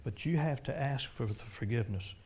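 A man preaching a sermon and leading a prayer, swinging from loud urgent preaching to hushed pleading. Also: mid-range voice, fairly quick, slight background noise.

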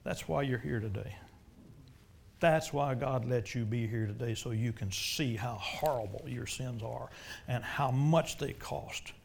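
A man preaching a sermon and leading a prayer, swinging from loud urgent preaching to hushed pleading. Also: mid-range voice, unhurried, vocal fry.

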